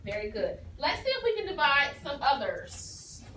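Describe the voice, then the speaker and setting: A woman's voice: high-pitched, very animated, moderate pace, bright, forceful tone, slight background noise. A woman teacher leading a phonics lesson, patiently asking questions and repeating the pupils' answers. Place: classroom. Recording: echoey classroom from far off.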